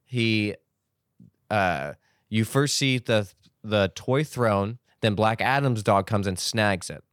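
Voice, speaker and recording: A man's voice: lowish voice, slow pace, fairly bright tone, no echo, studio quality. A man co-hosting a podcast, chatting casually and rambling through a movie scene. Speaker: podcast co-host. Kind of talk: casual chat.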